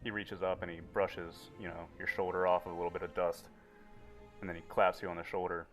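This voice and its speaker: Man, game master, lowish voice, casual vivid narration, tabletop game. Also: little pitch movement, brisk, faint music behind, rough recording.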